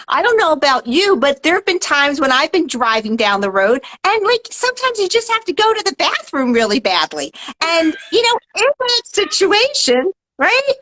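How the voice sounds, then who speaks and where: Calm high-voiced woman mindfulness teacher. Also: rough recording. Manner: calm, earnest, explanatory, many "right?" tags. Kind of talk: interview answers.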